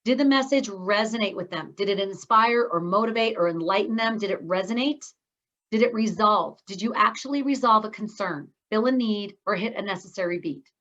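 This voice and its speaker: A woman's voice: medium pitch, fairly quick, a bit bright, highs cut off. A middle-aged woman teaching an online speaking course, upbeat and encouraging, talking straight to her students over a video call. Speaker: speaking coach.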